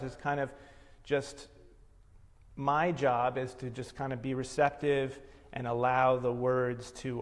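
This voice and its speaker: A male meditation teacher talks in an unhurried, reflective way at a mid-range pitch. His voice carries a long reverb tail, as if he were recorded in a large hall.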